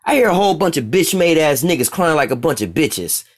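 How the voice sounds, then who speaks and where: A man's voice: a little high, big pitch swings, fairly quick, pitched above the performer's own voice. A man voicing God as a scornful, slangy male voice that mocks crying men in profane street talk. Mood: mocking.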